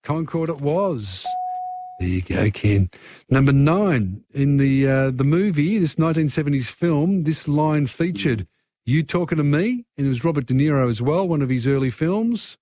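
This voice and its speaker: A chatty Australian man runs a radio phone-in quiz, reading out questions and tossing callers hints. His voice sits a little high. The sound is close and dry, with no room around it. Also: animated, moderate pace, dark tone, no room sound.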